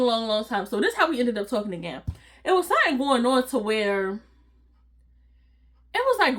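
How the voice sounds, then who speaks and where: High-voiced animated woman telling a story. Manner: animated, slangy, acts out quoted voices; laughs often. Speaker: storytime vlogger. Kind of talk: casual storytime.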